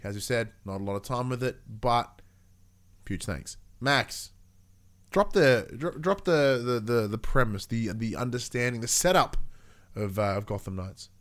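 Animated man hosting a gaming chat. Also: mid-range voice. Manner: animated, swearing, fast asides. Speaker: gaming podcast host. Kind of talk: casual chat.

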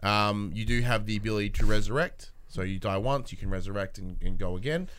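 Rambling young gaming host. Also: male voice, on the low side, a little fast, fairly bright tone, smooth. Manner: rambling, self-deprecating, swears casually. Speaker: podcast host. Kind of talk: casual gaming chat.

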